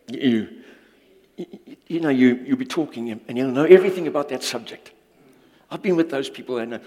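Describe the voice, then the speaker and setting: A man preaching a sermon in a church, animated and jokey as he tells stories and talks with the congregation. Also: medium pitch, fairly quick, slightly rough. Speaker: pastor. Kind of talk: sermon with storytelling. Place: church hall. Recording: long reverb of a church hall.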